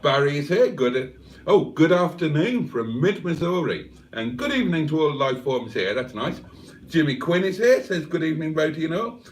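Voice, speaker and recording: A man's voice: a little high, big pitch swings, moderate pace, far from the mic. A man from England hosting a casual livestream, reading the chat aloud with cheeky banter. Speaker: livestream host.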